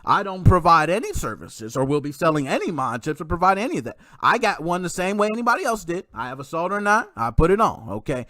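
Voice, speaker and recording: A man talking casually to his viewers, his voice bright and a little high for a man. His pitch swings a lot as he jokes in a slangy way and laughs easily. The sound is dry and close, with no room echo. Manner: animated and joking, quick laughs, slangy. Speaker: gaming channel host. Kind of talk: casual commentary, reading viewer comments.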